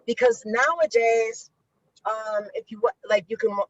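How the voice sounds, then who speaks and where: A middle-aged woman who works as a violence interrupter is a guest in an interview, telling stories with lots of energy, cursing freely, and imitating the people she quotes. Her voice sits a little high and creaky, with big pitch swings and a moderate pace. The audio is dull.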